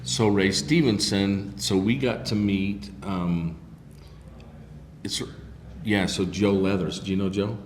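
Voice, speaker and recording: A man's voice: deep voice, takes it slowly. A man hosting a podcast, telling an anecdote in a casual chat and acting out the people in it. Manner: animated anecdote teller with quoted voices. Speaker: podcast host. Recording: echoey room with faint noise.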